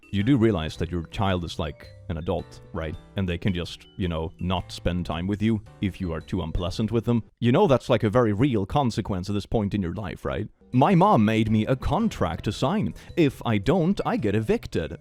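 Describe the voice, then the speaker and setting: A man's voice: mid-range voice, a little mellow. Guy hosting a funny reaction vid, sarcastic, laughs a lot, voice bouncing all over. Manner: playful and sarcastic, laughs often. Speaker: host. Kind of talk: comedic reaction commentary.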